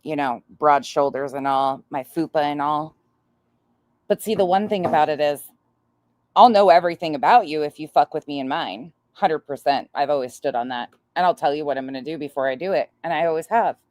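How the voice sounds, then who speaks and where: A woman's voice: low-pitched, brisk, darkish tone, no echo, studio quality. A woman hosting a commentary channel, talking back to played clips in a blunt, profane, confrontational way.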